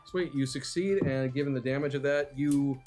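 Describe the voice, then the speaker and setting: A man's voice: medium pitch, moderate pace, over loud music. Upbeat man running a tabletop game. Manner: upbeat, rambling narration with fillers. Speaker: game master.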